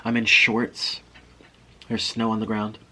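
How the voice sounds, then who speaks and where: A man's voice: fairly low pitch, monotone, slow, bright, forceful tone. A man telling a personal story in a vlog, acting out the other people's lines as he goes. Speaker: vlogger.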